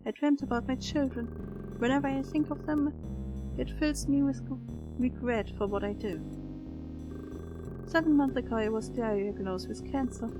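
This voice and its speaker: A woman playing a gentle, chatty old lady. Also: sits high, moderate pace, long pauses, lo-fi sound, music in the background, close to an everyday voice. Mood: wistful. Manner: polite, motherly, calls others dear. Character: frail elderly woman test subject, gentle and chatty. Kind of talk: game character voicing while playing.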